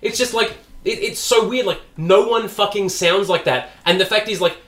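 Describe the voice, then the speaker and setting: A man co-hosting a podcast in casual chat, animated and swearing freely, often trailing off mid-sentence. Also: high voice, moderate pace, roomy sound. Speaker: podcast co-host.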